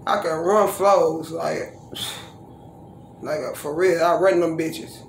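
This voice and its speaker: Low-pitched and steady, she talks slowly with vocal fry and frequent pauses, vlogging casually before launching into crude, bragging freestyle raps. Her living room gives a roomy echo, with a little hiss or hum.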